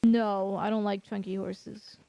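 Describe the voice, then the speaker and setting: A woman playing a gravelly, curt frontier sheriff. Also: medium pitch, flat delivery, a little slow, dark tone, no echo, lo-fi sound. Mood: deadpan. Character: dry, blunt female frontier sheriff.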